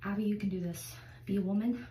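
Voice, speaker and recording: A woman's voice: mid-range voice, steady tone, fast. A young woman talking anxiously in a confessional vlog, close to tears. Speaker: vlogger in a played clip. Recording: echoey room with background noise.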